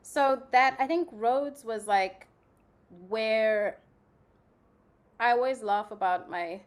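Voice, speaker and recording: A young adult woman from Zimbabwe, a guest in an interview, telling her story in a chatty, animated way full of "like" fillers. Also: a little high, slow. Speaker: guest, playwright and actress. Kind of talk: casual conversational interview.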